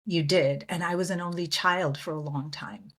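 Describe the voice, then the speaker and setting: Woman from India, interview guest, somewhat low voice, lively storytelling. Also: moderate pace. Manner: animated storyteller who acts out quoted voices. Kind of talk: conversational interview.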